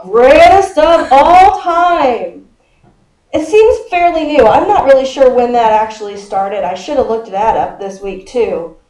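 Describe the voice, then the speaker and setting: A woman's voice: fairly high pitch, expressive, normal speed, hardly any pauses, warm tone. A woman pastor in her fifties giving a conversational sermon. She chats with her congregation, quizzes them and laughs often. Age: 50s. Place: church sanctuary. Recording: echoey church sanctuary.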